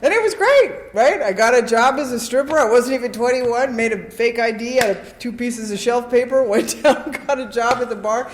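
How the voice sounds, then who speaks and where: A woman speaking at a recovery convention, sharing her story with an animated, comic storytelling style and frequent "right?" asides to the audience. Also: on the high side, normal speed, hardly any pauses, roomy sound, slight background noise. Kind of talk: personal recovery share before a live audience. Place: convention hall with a live audience.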